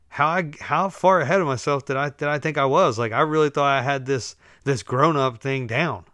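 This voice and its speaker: A man's voice: medium pitch, moderate pace, few pauses, a bit bright, no echo, clean studio sound. A young man hosting a casual solo podcast, ranting sarcastically and laughing at his own jokes. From United States. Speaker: podcast host.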